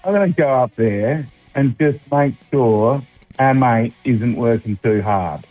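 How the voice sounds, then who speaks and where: A man's voice: medium pitch, measured pace, no room sound, muffled recording, faint music behind. Easygoing Australian man on the phone. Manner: easygoing, rambling, dry humour. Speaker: caller. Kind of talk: casual chat on air.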